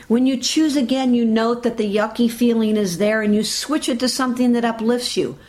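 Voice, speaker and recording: A woman giving a motivational talk, speaking directly to her listeners in an animated way. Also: fairly high pitch, brisk.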